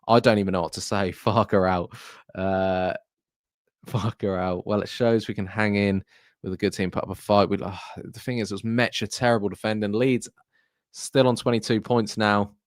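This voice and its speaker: Young man, hoarse, deflated and halting, reading the chat, lowish voice, dry close sound. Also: dry recording. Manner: deflated, halting, repeats himself. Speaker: football fan streamer. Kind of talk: live watchalong reaction.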